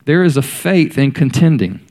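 A man's voice: mid-range voice, very animated, normal speed, a little mellow. A man delivers a sermon in an ordinary mid-range voice. He tells the stories and keeps turning to his listeners with direct questions. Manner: storytelling, voicing the characters in quotes; addresses the congregation directly. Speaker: preacher.

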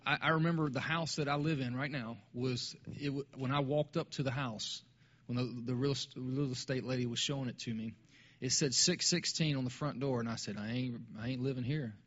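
A man's voice: medium pitch, fairly even intonation, fairly quick, a bit bright, dull audio. A man talking casually about faith in a conversational way, often restarting his sentences.

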